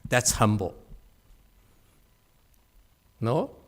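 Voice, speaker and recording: A man's voice: medium pitch, animated, moderate pace, darkish tone. A man teaching a meditation class in a humorous dharma talk, teasing his listeners and asking them to agree. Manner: teasing, joking, asks the audience for agreement.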